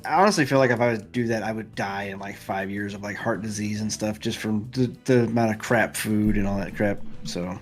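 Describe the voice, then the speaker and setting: A man guesting on a podcast, a truck driver talking in relaxed, easygoing casual chat. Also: on the low side, fairly quick, few pauses, faint music behind. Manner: relaxed, easygoing, laughs along.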